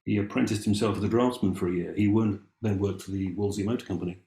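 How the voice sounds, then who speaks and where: A man's voice: fairly low pitch, steady tone, fast, mellow, reverberant. Wry Englishman musing over old papers. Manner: musing, wry, with many ums and restarts. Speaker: amateur family historian presenting. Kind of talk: casual talk with read-aloud documents.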